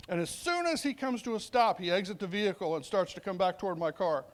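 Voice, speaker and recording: A man's voice: high-pitched, lively intonation, fast. A middle-aged man, a police sergeant, telling a story in a conversational speech and acting out bits of dialogue. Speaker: police sergeant speaking at a veterans summit.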